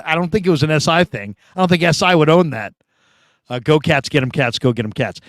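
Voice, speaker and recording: A middle-aged man from California hosting a sports show, chatting casually through live comments and telling stories with animated quoted voices. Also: on the high side, brisk, dry recording, clean studio sound. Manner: animated storytelling, laughs often, acts out quoted voices.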